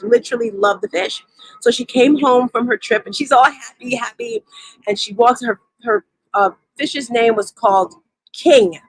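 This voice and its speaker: A woman's voice: mid-range voice, no echo. A woman hosting a motivational morning show, telling stories with lots of energy and laughing easily. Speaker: host. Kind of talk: motivational talk on a live audio room.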